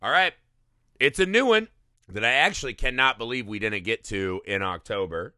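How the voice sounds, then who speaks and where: A man hosting a podcast in casual chat, lively and swearing freely, laughing often. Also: mid-range voice, normal speed, clean tone, no room sound, studio quality. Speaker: podcast host.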